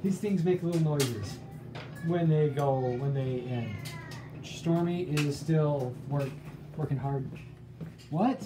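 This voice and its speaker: A woman's voice: low voice, slow, long pauses, roomy sound, background noise. A woman in her thirties, a family vlogger chatting upbeat and straight to viewers at home. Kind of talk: casual home vlog to camera.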